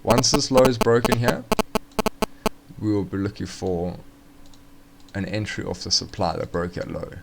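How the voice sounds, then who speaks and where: A man's voice: on the low side, moderate pace, gravelly, long pauses, very noisy. A man casually walking through forex charts on a live stream, thinking aloud with fillers and restarts.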